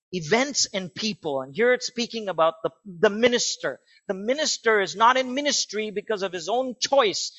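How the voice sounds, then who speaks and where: A man preaching a sermon in an earnest way that builds to excited emphasis. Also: high-pitched, no room sound, muffled recording. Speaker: pastor.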